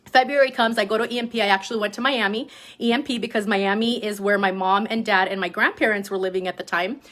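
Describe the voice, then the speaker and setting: A woman talks straight to her team in a loose, lively storytelling voice. Her pitch sits in the middle range for a woman. She fills her sentences with "like" and "right?" and slips into other voices when she quotes people. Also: quick pace. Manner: animated, lots of "like" and "right?". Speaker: direct-sales team leader. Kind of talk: casual motivational storytelling.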